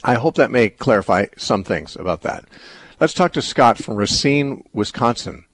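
A man hosting a radio call-in show, explaining a Bible passage in a thoughtful, halting way full of fillers and restarts. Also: mid-range voice, expressive, a bit bright, dry recording.

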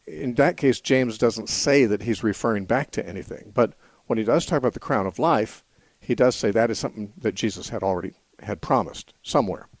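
This radio host takes callers' questions about the Bible, his fairly low voice captured on a studio mic with no room sound. His answers are measured and explanatory, with small restarts as he thinks out loud.

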